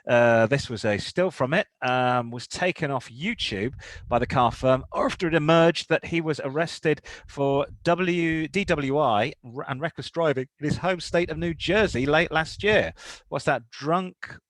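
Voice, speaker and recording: A man's voice: a little high, measured pace, fairly bright tone, dry recording. A man hosting a car podcast, reading news stories with rambling, jokey asides. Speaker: podcast host.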